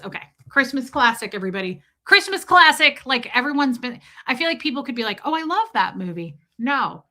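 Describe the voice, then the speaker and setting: A young woman chats casually with her livestream viewers, telling stories in an animated, rambling way. Her voice sits a little high and sounds bright and forceful, though it is slightly worn from screaming. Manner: chatty, rambling, animated storytelling. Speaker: livestream host.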